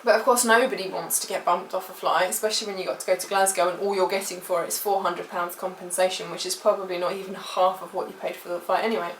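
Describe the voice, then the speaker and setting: A woman's voice: fairly low pitch, fairly even intonation, fast, few pauses, a bit bright, a little hiss or hum. British woman retelling a story, echoey. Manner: emotional, rambling retelling with many fillers. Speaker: vlogger. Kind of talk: personal storytime vlog. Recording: echoey room, mic at a distance.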